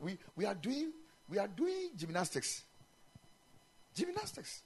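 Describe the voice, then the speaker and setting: A man preaching a sermon in a chapel, animated and emphatic, mixing in local-language phrases. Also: high voice, unhurried, breathy edge. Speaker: pastor.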